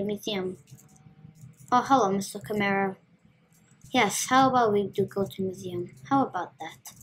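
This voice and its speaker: A woman's voice: mid-range voice, fairly bright tone, slight background noise. A woman giving casual, playful commentary as she plays a video game, talking to herself as she goes. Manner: chatty, playful, talks to herself while playing. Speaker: gaming video host.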